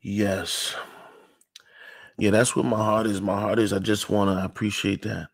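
This livestream speaker's voice is fairly low and gravelly, with little pitch movement and a moderate pace, recorded with no room sound. He talks casually about faith and success, saying "you know" constantly and lowering into whispers.

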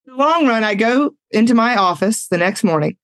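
A woman, telling personal stories in casual talk, animated and laughing often as she acts out the voices in her story. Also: a little high, fairly quick, no echo. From Southern United States.

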